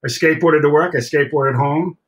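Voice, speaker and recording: A middle-aged man telling a story as a podcast guest, animated and swearing freely as he acts out other people's lines. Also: on the high side, a little fast, low-quality recording. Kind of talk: casual storytelling.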